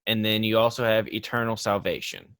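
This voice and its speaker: A man with a lowish voice hosts a casual chat. He rambles through examples and turns animated as he makes a point, recorded dry and close with no room sound. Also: brisk, smooth, dry recording. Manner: rambling, restarts often, animated when making a point. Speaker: podcast host.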